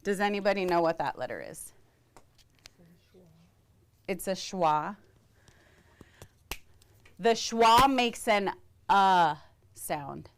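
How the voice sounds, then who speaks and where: A woman teaching a language class, slowly modeling vowel sounds and asking students questions. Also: medium pitch, animated, clean tone.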